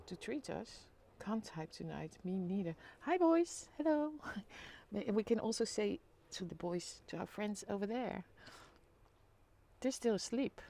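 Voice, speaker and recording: Chatty middle-aged woman, live vlog host, reads comments aloud, mid-pitch, easygoing. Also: a little slow, vocal fry, a little hiss or hum. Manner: chatty, reads viewer comments aloud, bursts into excited squeals. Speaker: live-stream vlogger. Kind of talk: casual live-stream chat greeting viewers. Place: home by a window overlooking a city street.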